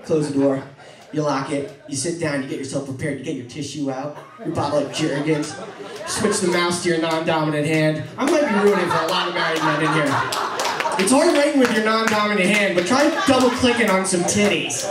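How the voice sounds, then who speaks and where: A male stand-up comedian on a comedy club stage, doing his routine in an animated way and jumping into high mock voices. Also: brisk, a crowd in the background. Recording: echoey club from far off. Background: audience laughter.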